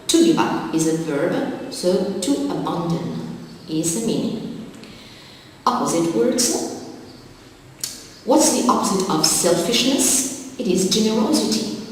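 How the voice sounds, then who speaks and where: A woman teaching an English vocabulary lesson on television, spelling out words and their forms in a slow, deliberate way. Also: medium pitch, slight background noise. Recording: loud reverberant hall, distant mic.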